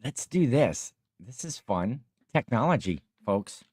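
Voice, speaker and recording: A man hosting a casual livestream, reading viewer comments aloud and rambling with many pauses. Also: medium pitch, big pitch swings, a little mellow, slightly rough, no echo, clean studio sound. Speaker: livestream host.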